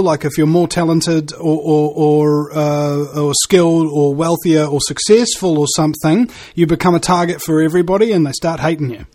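A man with a New Zealand accent chatting as a guest on a group call. His voice sits a little high for a man, and he slips into cheeky jokes with ease. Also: darkish tone. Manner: joking, tells crude jokes. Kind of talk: casual group chat.

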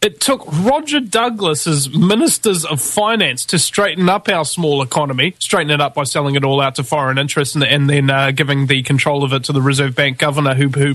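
A forceful, bright-voiced man with a New Zealand accent rants with open scorn. He drops to a low mutter, then leaps up into high, mocking shouts. The recording is close and dry, with no room sound. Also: dry recording. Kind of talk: ranting monologue.

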